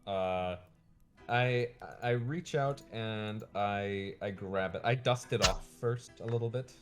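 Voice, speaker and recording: Low-voiced man joking at the game table. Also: takes it slowly, soft background music. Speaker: player.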